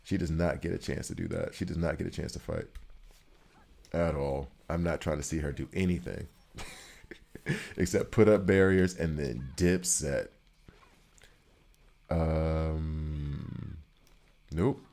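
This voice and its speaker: A man's voice: extremely low pitch, slow pace, vocal fry, pauses often, mellow. A man giving casual, rambling commentary while playing a video game, joking and repeating himself for emphasis. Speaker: gaming streamer.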